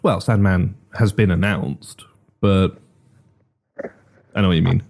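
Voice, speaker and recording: A man's voice: deep voice, fairly even intonation, a little slow, vocal fry, a little mellow. A man co-hosting a casual podcast chat about comic book films, joking wryly. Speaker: podcast co-host.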